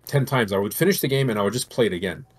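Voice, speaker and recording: A middle-aged man on a podcast, talking casually in a rambling, animated way about a show and games he loves. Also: on the low side, rapid-fire. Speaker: podcast co-host. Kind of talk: casual chat.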